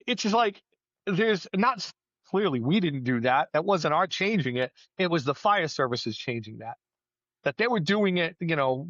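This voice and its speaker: A middle-aged man, a battalion chief, telling firefighting stories in a casual podcast chat, plainspoken and lively. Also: a little high, dry recording, dull audio. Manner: storytelling, animated, plainspoken with mild swearing.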